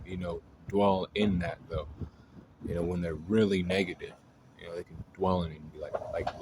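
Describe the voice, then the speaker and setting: A man's voice: low-pitched, noisy background. A man hosting an astrology video, talking in a loose, rambling way, full of fillers and swearing. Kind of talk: casual spoken monologue.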